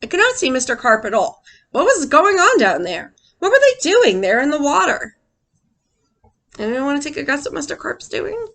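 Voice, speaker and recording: A woman teacher reading a picture book aloud to children in an animated way, stopping to ask them questions. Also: sits high, moderate pace.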